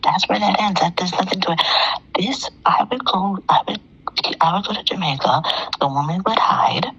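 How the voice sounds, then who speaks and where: A woman's voice: mid-range voice, moderate pace, a bit bright, breathy edge, muffled recording. A middle-aged woman calling in to a talk show, telling a personal story in an emphatic way and repeating phrases for effect. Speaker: caller.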